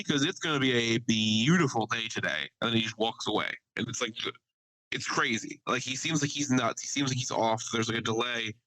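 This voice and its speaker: A man's voice: mid-range voice, pushed and bright, no room sound, poor audio. A man on a casual podcast, animatedly telling an anecdote, swearing freely and quoting people he met. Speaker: podcast co-host. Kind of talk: casual storytelling chat.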